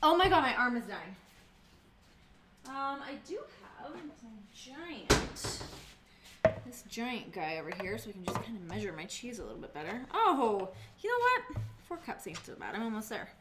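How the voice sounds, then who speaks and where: A woman's voice: on the high side, wildly swooping pitch, moderate pace, heavy background noise. A woman streamer chatting casually with viewers while cooking in her home kitchen, answering chat and swearing freely.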